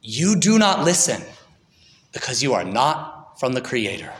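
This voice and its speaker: A man voicing a calm, firm male teacher who speaks slowly and gravely with authority. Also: medium pitch. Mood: solemn. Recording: echoey hall with long reverb.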